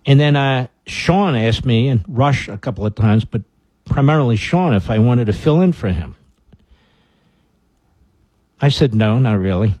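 A middle-aged male radio host reads the headlines, then tears into them with sarcastic, combative asides. His voice sits at an ordinary pitch and is recorded dry and close on a studio mic. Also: animated, unhurried, pauses often, darkish tone, slightly rough, dry recording. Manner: sarcastic, combative, reads news aloud and rants. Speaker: radio talk show host. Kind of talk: talk radio commentary.

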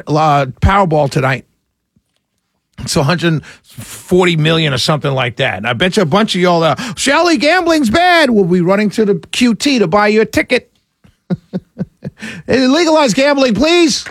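Man, talk radio host, high voice, sarcastic rant, dry studio mic. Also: a little fast, no echo. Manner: animated, sarcastic, ranting. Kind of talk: opinionated talk radio monologue.

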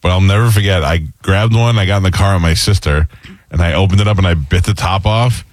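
Deep, rapid male co-host with deadpan humor. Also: no echo, clean studio sound. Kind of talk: casual chat.

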